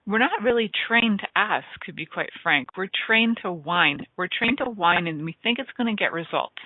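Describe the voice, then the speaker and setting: A woman's voice: mid-range voice, lively intonation, normal speed, hardly any pauses. A woman hosts a radio show in loose, enthusiastic talk, wandering off on tangents and catching herself. Her voice comes through a narrow, tinny line that sounds like a phone call. The sound is dry, with no room echo. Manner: rambling, enthusiastic, self-interrupting.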